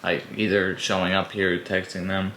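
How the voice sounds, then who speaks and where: Very deep, flat-voiced young man. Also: normal speed, a little hiss or hum. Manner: brief, plain, filler-heavy. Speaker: boyfriend guest. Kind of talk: casual chat.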